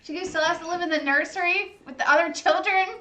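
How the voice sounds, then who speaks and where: A woman's voice: very high-pitched, fairly even intonation, fairly quick, bright, forceful tone. A woman hosting a livestream, chatting casually while eating, gushing and talkative with many "like"s. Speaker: livestream host.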